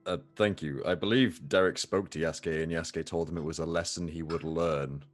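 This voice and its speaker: A man with a low voice speaking as his character in a tabletop game. He is polite but hesitant, stumbling over words with frequent ums and uhs. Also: steady tone, brisk, soft background music. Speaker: player.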